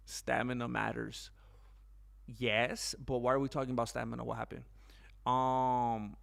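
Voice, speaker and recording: A man's voice: mid-range voice, flat delivery, a little slow, creaky, a bit bright. A man hosting a casual combat sports news vlog, rambling and slangy, calling his viewers "bro". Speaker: channel host.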